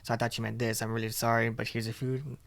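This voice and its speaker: A man's voice: medium pitch, level tone, fast, vocal fry, fairly bright tone, no echo. A man co-hosting a podcast, telling a long restaurant story in casual chat and acting out the quoted dialogue. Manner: rambling storyteller, retells scenes with quoted dialogue. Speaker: podcast co-host.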